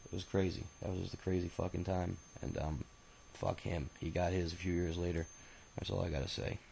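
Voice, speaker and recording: A man's voice: deep voice, flat delivery, a little fast, creaky, mellow, slight background noise, low-quality recording. A man in his thirties telling his own life story in a rambling, profane, casual way, full of filler sounds. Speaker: autobiography narrator. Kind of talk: casual spoken memoir storytelling.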